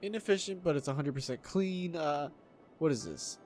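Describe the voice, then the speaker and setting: A man casually commentating his own city-building game, excitable, swearing freely and laughing often. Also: on the high side, normal speed, faint music behind. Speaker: gameplay video host. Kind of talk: casual let's-play commentary.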